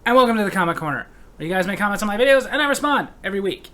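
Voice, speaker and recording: A man's voice: sits high, animated, racing, pushed and bright. A man hosting a weekly comment show with a jokey, playful delivery. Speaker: host. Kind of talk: casual comedic chat.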